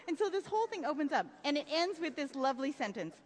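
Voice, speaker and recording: A woman's voice: fast, few pauses. A woman discussing a novel and reading passages aloud, acting out the quotes with big swings of voice. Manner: animated, acts out quotes with big pitch swings. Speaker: literature lecturer. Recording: hall reverb.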